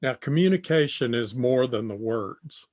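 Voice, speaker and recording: An older man giving a tutorial lecture on communication, speaking deliberately and repeating phrases as he thinks. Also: medium pitch, expressive, darkish tone. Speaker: tutorial presenter.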